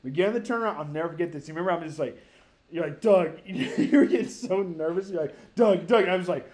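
A man's voice: lively intonation, quick pace, a little mellow. A man co-hosting a podcast, telling a story in casual chat, acting out quotes and laughing often. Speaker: podcast co-host. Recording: low, muffled soundboard audio.

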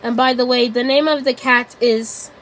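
Woman doing a worried, soft-spoken little lady. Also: on the high side, fairly even intonation, normal speed, a little hiss or hum, close to an everyday voice, low-quality recording. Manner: hesitant, soft, with many ums.

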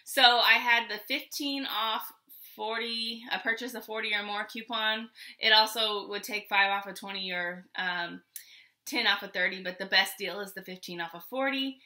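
A woman's voice: mid-range voice, fairly even intonation, normal speed, pushed and bright. A middle-aged woman hosting a casual haul vlog, chatty and rambling, laughing often as she talks. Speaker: vlog host.

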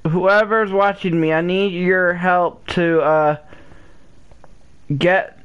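A woman's voice: lowish voice, steady tone, takes it slowly, clean tone, highs cut off. A woman playing a video game and commenting, frustrated and whiny, pleading with her viewers for help. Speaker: gamer. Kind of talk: let's-play commentary.

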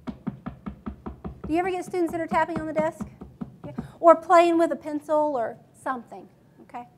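A woman's voice: very high voice, steady tone, moderate pace, slight background noise. A woman teacher leading a classroom management workshop, matter-of-fact and quizzing her audience with questions.

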